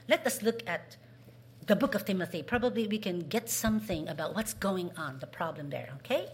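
Slow, lively woman preaching a sermon. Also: medium pitch, a little hiss or hum. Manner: asks the congregation questions, acts out quoted voices.

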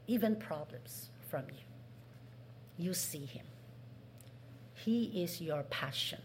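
Slow, lively woman preaching a sermon. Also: on the low side. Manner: asks the congregation questions, acts out quoted voices.

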